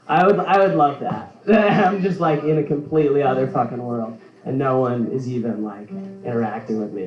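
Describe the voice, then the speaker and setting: A man's voice: mid-range voice, darkish tone. A man doing a loose stand-up set, rambling with lots of fillers and giggling at his own jokes. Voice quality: halting, filler-heavy delivery with frequent giggles. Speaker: stand-up comedian. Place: comedy club stage. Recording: roomy, dull live recording.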